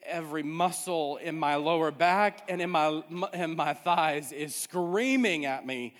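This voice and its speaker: A man preaches a sermon, pressing his points and circling back to the same refrain again and again. His voice sits fairly high for a man. The sound rings out with a long hall reverb. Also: unhurried, a bit bright. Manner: emphatic preaching with repeated refrains. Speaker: pastor.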